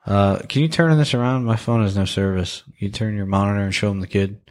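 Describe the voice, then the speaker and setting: A man's voice: lowish voice, steady tone, quick pace, darkish tone. A young man chatting casually about a movie he watched, rambling with lots of fillers, restarts and laughs. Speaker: podcast co-host reviewing a movie. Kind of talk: casual chat.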